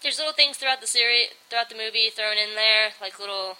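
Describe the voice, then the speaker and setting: A woman's voice: a little high, fast talker, pushed and bright, smooth, rough recording. A young woman giving a casual, bubbly review, rambling and filling her talk with "like". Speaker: video reviewer.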